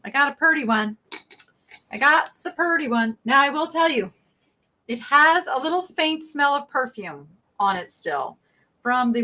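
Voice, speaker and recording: Middle-aged woman host, slightly high voice, chatty and rambling, live-sale patter. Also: a bit bright. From American South. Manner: chatty, rambling, thinks aloud. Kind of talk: casual live selling chat.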